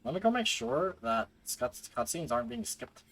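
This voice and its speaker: Playful male streamer, lively pitch. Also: moderate pace, a little hiss or hum, rough recording. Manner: playful, joking, talks to himself. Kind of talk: casual game-stream chat.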